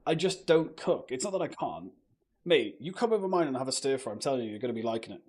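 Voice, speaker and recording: A young man with a British accent chats loosely on his live stream and swears as he talks to his viewers. His voice is husky and sits at an ordinary middle pitch. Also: big pitch swings, quick pace, darkish tone. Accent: British English. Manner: swears a lot, loose and joking, talks to chat. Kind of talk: casual live-stream chat.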